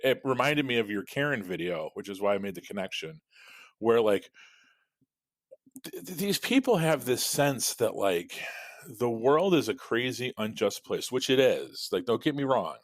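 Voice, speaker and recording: A man with a lowish voice that swings all over as he tells a sprawling, swear-laden story. His casual podcast chat is full of laughs and restarts, and the sound is dry and close with no room around it. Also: no room sound. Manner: rambling, profane storytelling with frequent laughs. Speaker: podcast co-host.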